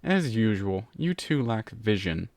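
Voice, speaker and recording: A man's voice: on the low side, very animated, unhurried, a little mellow, no echo. A man doing a smug costumed villain. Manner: smug and self-satisfied.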